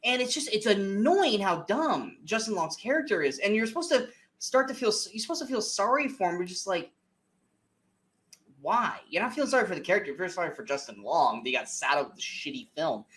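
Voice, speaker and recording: A man's voice: high-pitched, fairly quick. Ranting, exasperated male movie podcaster. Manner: animated, exasperated ranting with frequent swearing. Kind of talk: casual movie review chat.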